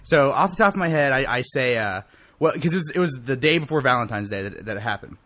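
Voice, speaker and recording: A young man co-hosting a casual podcast, telling a story in a profane, animated way and acting out quotes with sharp rises in his voice. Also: medium pitch, fast talker.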